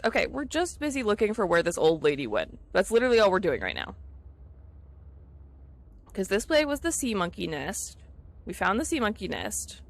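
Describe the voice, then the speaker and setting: Gamer girl streaming, chatty and giggly, lots of fry in her voice, gets distracted mid sentence. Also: medium pitch. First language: English. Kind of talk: casual gameplay chat with viewers.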